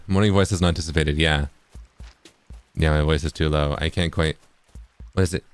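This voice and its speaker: A male streamer chatting casually while playing a game, relaxed and chuckling, reading viewer messages aloud. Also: very deep voice, normal speed, clean tone, soft background music. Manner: relaxed, chuckling, sprinkles Japanese phrases, reads chats aloud.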